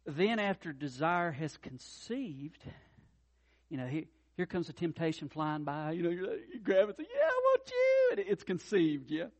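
This middle-aged pastor from North Carolina delivers his sermon at normal speed. He is earnest throughout, dropping soft and low, then surging to loud, passionate peaks.

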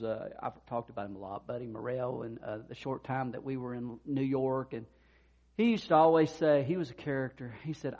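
A man's voice: medium pitch, muffled recording. A man preaching a sermon in a conversational way, acting out the people in the stories he tells. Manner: conversational preaching with animated retold dialogue. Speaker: pastor.

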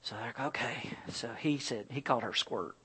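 A middle-aged man preaching a sermon and telling personal stories, swinging from loud, animated bursts to quiet, earnest passages. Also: mid-range voice, a little fast, breathy edge, poor audio. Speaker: pastor.

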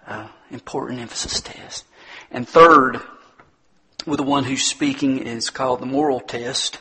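A man's voice: mid-range voice, sharp tone, husky. A man preaching a sermon, emphatic and full of rhetorical questions, speaking directly to his listeners. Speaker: pastor.

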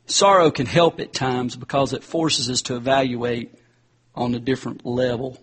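A man's voice: mid-range voice, fairly even intonation, moderate pace, fairly bright tone, husky. A man preacher giving a conversational sermon and often calling his listeners "guys.". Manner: conversational, addresses the crowd as guys.

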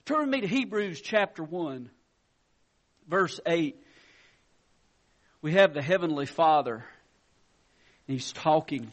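A pastor preaching a sermon, earnest and anecdotal, rising to loud emphasis and dropping to quiet, reflective lines. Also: male voice, on the high side, animated, takes it slowly, long pauses.

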